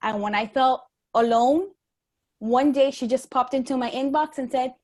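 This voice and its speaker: A woman's voice: high voice, moderate pace, a little mellow. A woman on a team call telling a candid personal story, acting out the voices she quotes. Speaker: team member.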